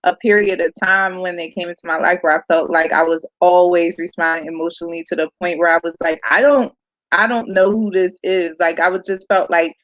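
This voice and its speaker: A woman's voice: fairly low pitch, flat delivery, quick pace, few pauses, fairly bright tone, dry recording. A woman moderating a panel of mothers, sharing her own experience candidly and often saying "like". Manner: candid, frequent "like". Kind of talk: casual panel conversation. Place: home, video call. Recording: dry, slightly dull sound.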